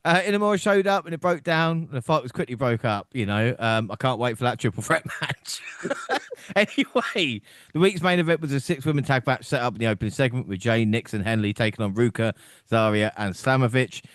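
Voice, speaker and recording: A man's voice: medium pitch, animated, a little fast, a bit bright, dry recording, clean studio sound. A man co-hosting a podcast in casual chat, rambling along, laughing often and checking in with his co-host. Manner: rambling, laughs often, keeps asking "do you know what I mean".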